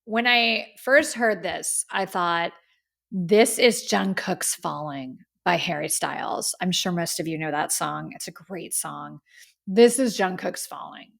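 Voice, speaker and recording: A woman's voice: lowish voice, a little slow, gravelly, a bit bright. A woman hosting a casual music review podcast, talking in an effusive, heartfelt way and often saying "like.". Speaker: podcast host.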